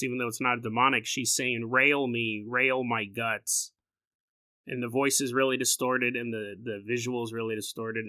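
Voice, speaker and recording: A man hosting a paranormal podcast, talking casually in a rambling, animated way and laughing often. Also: medium pitch, no echo. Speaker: podcast host. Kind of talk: casual solo podcast talk.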